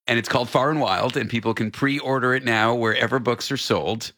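A man's voice: mid-range voice, steady tone, fairly quick, pushed and bright. A man hosting a radio show, bantering and joking with his guest. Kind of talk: casual radio interview.

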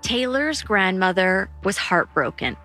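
Woman narrator, calm scripted documentary voice-over, bright tone, faint music. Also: mid-range voice, unhurried.

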